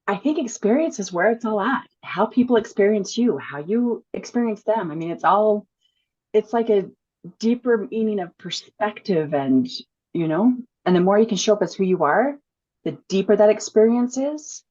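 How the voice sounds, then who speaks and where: A woman guest who coaches speakers, talking in an enthusiastic, quick way as a conversation guest. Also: mid-range voice, expressive, a little mellow, highs cut off. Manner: enthusiastic, fast, laughs easily. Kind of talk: casual conversational interview.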